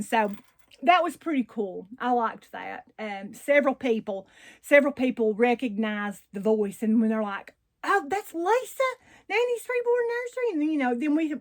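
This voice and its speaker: A woman with a deep Southern country accent, chatting casually and at length to her viewers as a doll channel host. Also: no echo, studio quality. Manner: chatty and rambling, warm Southern slang.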